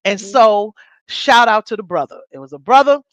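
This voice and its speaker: A middle-aged woman, co-hosting a podcast and telling a story in a loud, blunt, animated way. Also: mid-range voice, moderate pace, no room sound. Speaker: podcast co-host. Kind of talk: casual storytelling chat.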